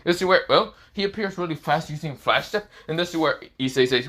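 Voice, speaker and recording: Man, improvised fan story narration, rambling, bright voice. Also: a little high, fairly quick. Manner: rambling, many fillers and restarts.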